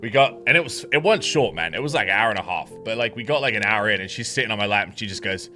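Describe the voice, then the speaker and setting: A man's voice: on the low side, expressive, quick pace, bright, forceful tone. Brief: man, casual storyteller, rambling, swears often, laughs a lot, faint guitar behind. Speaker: streamer telling a story. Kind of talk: casual anecdote.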